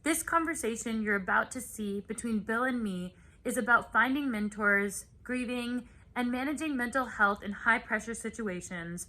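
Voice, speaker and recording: Woman, author, reads a short earnest intro to camera; bright, slightly high voice. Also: normal speed, few pauses.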